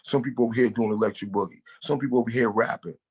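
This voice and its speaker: A New York-accented hip-hop artist from the Bronx speaks rapid-fire at medium pitch, in a steady tone with a breathy edge. As a guest in a casual interview, he keeps it loose and street-casual, leaning on "you know."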